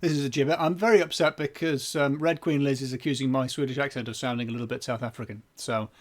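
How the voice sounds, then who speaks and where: A man's voice: medium pitch, steady tone, fast. A man co-hosting a live comedy podcast stream, joking loosely, stumbling over his words and reading chat comments aloud. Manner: jokey, self-interrupting, reads chat comments aloud. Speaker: podcast co-host.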